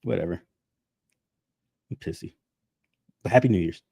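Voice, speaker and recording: A man's voice: sits low, normal speed, gravelly, mellow, slightly rough, dry recording, clean studio sound. A man hosting a casual livestream, venting in a heated, sarcastic, profane way, often laughing between remarks. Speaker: channel host.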